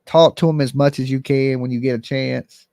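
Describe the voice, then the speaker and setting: A man's voice: mid-range voice, fairly even intonation, normal speed, vocal fry, mellow, no echo, studio quality. A man hosting a live call-in commentary stream, talking bluntly and emphatically straight to his viewers. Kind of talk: casual livestream commentary.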